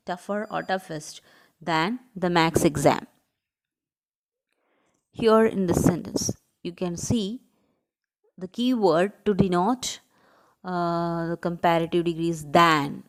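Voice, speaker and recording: A woman teacher explaining grammar to young students, working step by step, spelling out letters and breaking words into syllables, often checking with "right?". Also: lowish voice. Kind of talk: grammar lesson for children.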